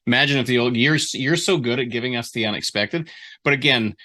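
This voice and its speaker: A man with a bright, forceful voice talks through notes on a story chapter. He rambles, circles back and restarts his sentences as he works out his thoughts, in an easygoing critique over a call. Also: mid-range voice, fast. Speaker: writing mentor giving feedback. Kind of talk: casual critique session.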